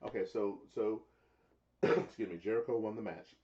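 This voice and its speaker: A man co-hosting a casual live chat show who tells stories in an animated way and laughs often. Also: fairly low pitch, normal speed, dull audio, a little hiss or hum. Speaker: co-host.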